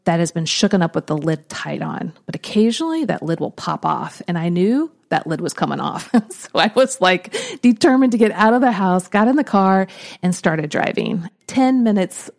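Woman podcast host, mellow, creaky low voice, earnest and reflective. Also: lively intonation, normal speed. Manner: earnest, reflective, often trailing off softly. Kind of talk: personal storytelling on a podcast.

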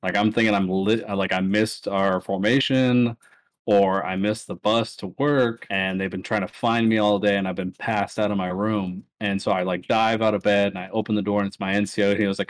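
Army guy in his 30s, low voice, laid back, chuckles thru his stories. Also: steady tone, brisk, no echo. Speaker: podcast guest, army soldier. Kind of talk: casual storytelling.

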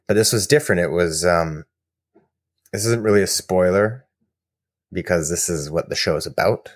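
A man co-hosting a podcast, telling rambling, animated stories in casual chat. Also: low-pitched, moderate pace, no room sound, studio quality. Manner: rambling, animated storyteller with fillers. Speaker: podcast co-host.

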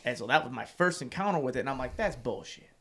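A man hosting a casual podcast, telling a story bluntly, with lots of swearing and excitement. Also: mid-range voice, quick pace, slight background noise.

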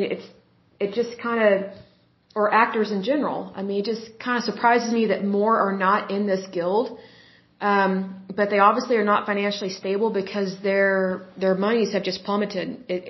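Woman podcast host, opinionated and rambling, middle pitch, echoey room. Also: level tone, normal speed, muffled recording. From United States. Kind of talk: solo podcast commentary.

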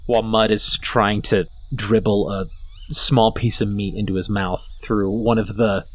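A man narrating as game master of a tabletop game, animated and quick to laugh. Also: on the low side, a little hiss or hum.

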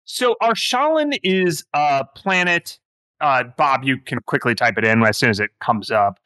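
A man's voice: medium pitch, lively intonation, measured pace, sharp tone, no room sound. A man running a tabletop game as game master, explaining the world in a rambling way with many fillers.

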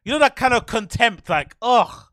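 High, bright-voiced man rambling profanely. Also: moderate pace, no room sound, clean studio sound. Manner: rambling, profane, animated anecdotes. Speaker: podcast host. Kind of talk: casual storytelling chat.

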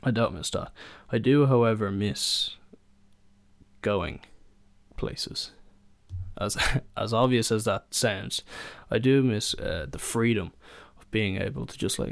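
A man's voice: fairly low pitch, unhurried, creaky, dry recording. A young man, hosting a solo podcast and telling rambling stories in a casual chat, full of fillers and restarts. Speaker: podcast host.

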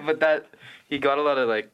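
A man's voice: a little high, a bit bright, clear, resonant tone. A young man chatting on a podcast in a laid-back, rambling way. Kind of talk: casual chat.

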